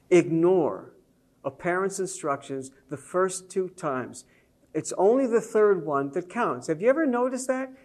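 Animated male preacher telling a story. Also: on the high side, unhurried. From Jewish believer speaking to a congregation. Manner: storytelling, animated, rising to emphatic peaks. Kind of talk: sermon with personal story.

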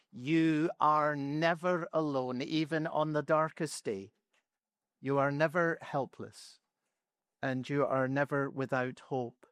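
A man delivering a sermon in a slow, deliberate way, leaning on repeated words for emphasis. His voice sits a little higher than most men's. The sound is close and dry, with no room around it. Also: no echo. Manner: measured, emphatic repetition with slowed phrases. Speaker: preacher.

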